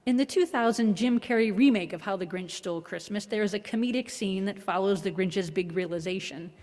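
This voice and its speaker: A woman minister giving a reflective, measured sermon with a gently wry touch. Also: mid-range voice. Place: worship hall. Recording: long hall reverb.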